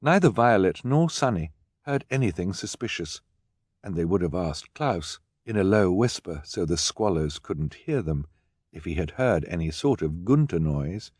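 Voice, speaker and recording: A man's voice: sits low, a little mellow, slightly rough, dry recording. A man narrating an audiobook with a dry, wry storytelling manner. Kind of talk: scripted narration.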